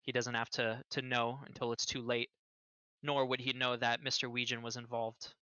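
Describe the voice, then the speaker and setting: A man's voice: medium pitch, little pitch movement, normal speed, bright, forceful tone, smooth, no room sound, close to an everyday voice. A man voicing a blunt, practical male adventurer, matter-of-fact, on a dull, dry mic.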